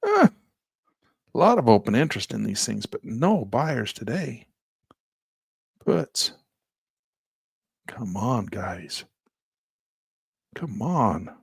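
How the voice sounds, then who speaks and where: A hoarse man who keeps clearing his throat, thinking aloud as a trading instructor while he walks through placing trades in a live session. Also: mid-range voice, big pitch swings, slow, pauses often, no room sound, clean studio sound.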